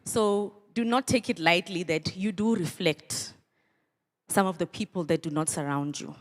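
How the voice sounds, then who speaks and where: A woman's voice: fairly low pitch, moderate pace, big-room sound. A middle-aged woman, a social development official giving a motivational speech to students and leading call-and-response chants. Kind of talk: motivational speech to a youth crowd.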